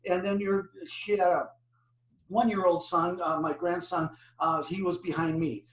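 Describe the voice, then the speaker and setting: Older man, higher voice, animated storyteller, driver safety presenter, roomy echo, set back from the mic. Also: unhurried, a little hiss or hum. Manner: animated storytelling with questions to the audience. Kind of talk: presentation to an online audience. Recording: echoey room, distant mic.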